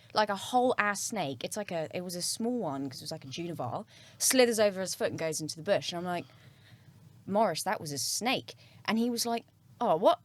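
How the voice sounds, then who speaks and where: Woman, podcast guest, lowish voice, animated casual storytelling, frequent swearing. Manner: animated, swears freely, trails off mid-sentence.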